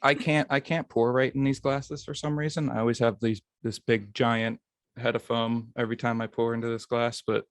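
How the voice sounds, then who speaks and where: Casual male podcast host, self-deprecating, mid-pitched, dry close sound. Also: flat delivery, normal speed, no room sound. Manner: easygoing, self-deprecating joking.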